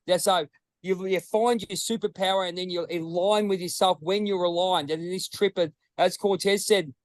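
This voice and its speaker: Australian host, excitable rambler, higher pitch, dry close mic. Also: male voice, moderate pace, no room sound, poor audio. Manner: rambling, excitable, swears freely. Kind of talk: casual chat.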